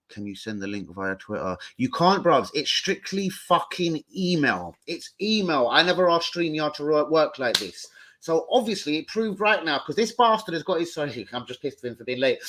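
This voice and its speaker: A man hosting a football fan livestream, talking in an excitable, sweary, rambling way. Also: fairly high pitch. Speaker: host of a football fan show. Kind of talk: casual livestream chat.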